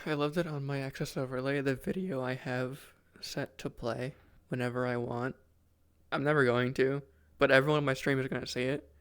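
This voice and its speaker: A man streaming a roleplay session, chatting casually out of character with excitable, giggly banter. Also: mid-range voice, a little fast, clear, resonant tone.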